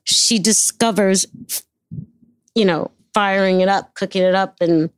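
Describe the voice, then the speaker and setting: Animated New woman telling stories. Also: mid-range voice, unhurried, clean tone, no echo, clean studio sound. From New York. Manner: animated, profane storyteller acting out dialogue. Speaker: guest. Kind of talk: casual anecdote telling.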